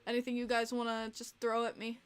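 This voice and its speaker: A woman hosts a casual livestream podcast in a somewhat high voice. She talks with open emotion and rambles, with frequent fillers and restarts as she chats to her viewers. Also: completely flat delivery, fairly quick, clear, resonant tone. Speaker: podcast host and streamer.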